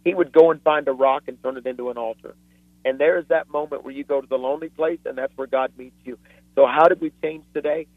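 Male guest preacher, fervent storyteller, average pitch, dry phone-line sound. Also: fairly even intonation, fast talker, no room sound. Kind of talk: impassioned preaching on a talk show.

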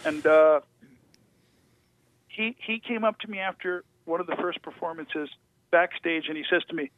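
A man's voice: on the high side, moderate pace, no echo. Stammering man on a tinny phone line. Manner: stammering restarts, animated storytelling. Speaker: guest actor. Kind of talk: casual interview chat.

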